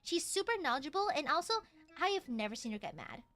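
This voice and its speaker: A young woman streamer telling a story in a casual, animated way, exclaiming and swearing freely. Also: sits high, fast, faint music behind.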